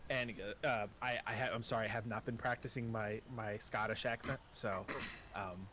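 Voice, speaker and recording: A man's voice: on the low side, fairly even intonation, normal speed, sharp tone, a little hiss or hum. A man narrating as game master in a casual, profane, self-deprecating way.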